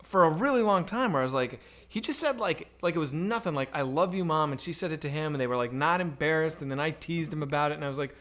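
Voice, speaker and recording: A man's voice: on the high side, fast talker, few pauses, fairly bright tone. A man co-hosting a livestreamed talk show, chatting casually and rambling with many fillers and restarts. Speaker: podcast co-host. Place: home streaming setup.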